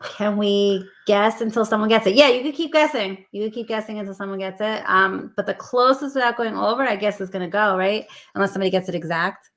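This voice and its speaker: A woman's voice: mid-range voice, brisk, a bit bright. A woman co-hosting a casual live stream, chatting and reading out lists of viewer guesses. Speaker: livestream co-host.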